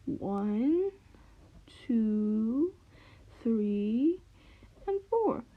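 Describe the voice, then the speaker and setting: A sleepy, kindly old male owl from a storybook, voiced by a woman. He speaks softly and wearily at a slow pace, in a fairly high voice, on a slightly dull recording. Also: sing-song, full character voice. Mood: weary gentle.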